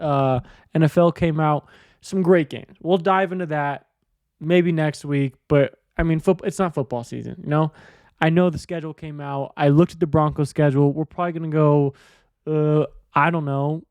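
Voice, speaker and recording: A man's voice: a little high, steady tone, moderate pace, a little mellow, no room sound, studio quality. A man hosting a sports podcast in a casual monologue, rambling and offhand, swearing freely. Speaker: podcast host.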